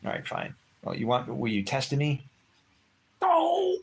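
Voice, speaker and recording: A man's voice: mid-range voice, wildly swooping pitch, brisk, creaky, a little hiss or hum. A man chatting casually with livestream viewers from a porch at dusk, rambling and joking with frequent chuckles.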